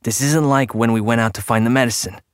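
A man voicing a worried young man in an audiobook reading, speaking softly and anxiously. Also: mid-range voice, steady tone, fast talker, smooth, dry recording, studio quality, natural voice. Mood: earnest. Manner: soft, anxious. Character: worried young man searching for his sister.

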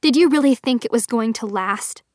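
A hurt young woman forcing a cold edge into her words in a storybook, as a woman reader voices her. Her voice is a little high and the recording is dry and close. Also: normal speed, dry recording, natural voice.

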